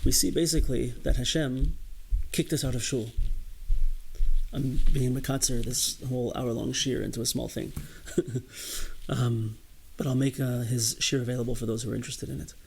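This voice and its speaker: A man's voice: mid-range voice, steady tone, moderate pace, creaky, a little mellow, a little hiss or hum, low-quality recording. A man giving a sermon as a rabbi, earnest and emphatic, repeating phrases as he builds his point.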